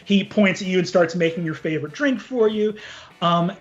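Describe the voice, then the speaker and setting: Male game master, animated narration with fillers, dull recording. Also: sits high, moderate pace.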